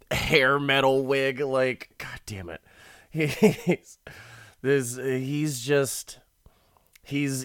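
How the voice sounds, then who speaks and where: Slow-talking giggly man recapping a film. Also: mid-range voice, a bit bright, dry recording, clean studio sound. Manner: laughs often, swears freely, rambling. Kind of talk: casual movie recap.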